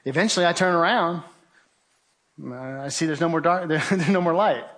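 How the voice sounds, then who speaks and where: Man, speaker, vivid urgent storytelling, faith talk, higher voice. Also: moderate pace, a bit bright. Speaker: guest speaker.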